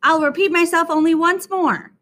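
A woman's voice: very high-pitched, steady tone, moderate pace, bright, forceful tone, pitched above the performer's own voice. A woman reading a storybook aloud, voicing a strict, earnest woman schoolteacher with an insistent, instructive way of talking.

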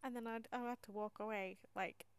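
A woman's voice: mid-range voice, steady tone, brisk, clear, resonant tone, dry recording. A woman hosting a casual monologue, chatty and self-mocking, often half-whispering, laughing and swearing as she tells her story. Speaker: podcast host.

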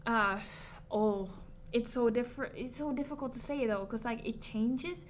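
A young woman with a fairly high voice talks in a loose, slangy way, dropping swear words as she chats with a friend. The recording is dull and lo-fi, with a faint hiss behind her. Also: unhurried. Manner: slangy, laid-back, swears casually. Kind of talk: casual chat. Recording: dull lo-fi sound with faint background noise.

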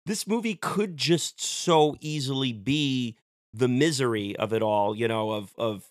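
A man co-hosting a podcast, talking casually about a film with many restarts and pauses to hunt for words. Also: mid-range voice, no echo, clean studio sound. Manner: rambling, halting, many restarts. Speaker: podcast co-host.

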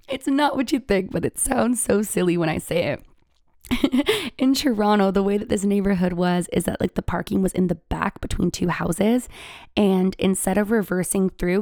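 A young woman YouTuber telling a personal story to camera, candid and lively, laughing often and sometimes dropping to a whisper. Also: fairly low pitch, no room sound, studio quality.

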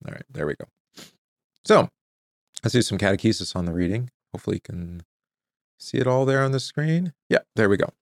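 A man with a lowish, gravelly voice reads scripture and then walks through a catechesis lesson. He asks his listeners questions and answers them himself, now and then tripping over a hard word. The sound is close and dry. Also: lively intonation, fairly quick, long pauses, no echo. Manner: stumbles over hard words and restarts them. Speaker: Bible teacher.

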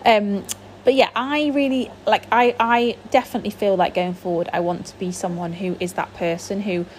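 A woman's voice: mid-range voice, fairly even intonation, moderate pace, slight background noise. A woman in her thirties, hosting a casual solo podcast from home with a chatty, candid manner and lots of fillers. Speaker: podcast host. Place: home, feeding a baby. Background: household sounds, washing machine.

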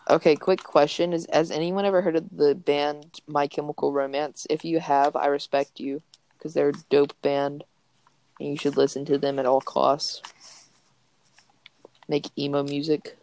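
A man's voice: on the high side, little pitch movement, normal speed, a little mellow. A young man co-hosting a gaming podcast, chatting casually and joking around while he plays. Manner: goofy, joking, rambling. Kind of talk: casual gameplay chat.

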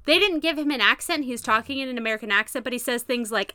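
A woman co-hosting a podcast, her voice bright and a touch high as it swings up and down. She chats loosely, laughing and swearing. The sound is dry and close. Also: fast, clean tone, dry recording. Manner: animated, swearing, laughing often. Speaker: podcast co-host. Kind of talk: casual chat recapping an old sitcom.

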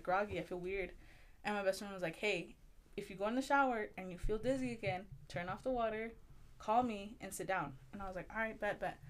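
A young woman telling a personal story in casual chat, animated, swearing a lot and acting out the voices she quotes. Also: mid-range voice, slight background noise. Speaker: guest storyteller.

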